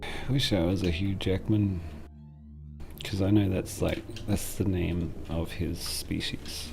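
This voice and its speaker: Male gamer streamer, low gravelly voice, slow rambling joker. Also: steady tone, over music. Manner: rambling, joking. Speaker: game streamer. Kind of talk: casual gameplay commentary.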